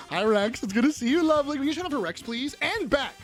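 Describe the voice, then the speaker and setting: A woman hosting a live-stream trivia game in a wildly animated voice that swoops up and down. She is excitable and foul-mouthed, bursting into shouts and high squeals, with faint music playing behind her. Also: a little fast, hardly any pauses.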